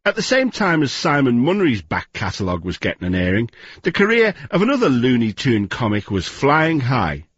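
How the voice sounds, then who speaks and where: A man presenting a radio documentary in a measured, wry scripted narration. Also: medium pitch, big pitch swings, highs cut off, noisy background.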